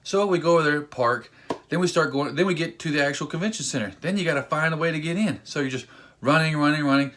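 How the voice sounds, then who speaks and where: A man vlogging a casual story in an excitable, rambling way, acting out what people said. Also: fairly high pitch, fast talker. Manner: excitable, rambling, acts out quotes.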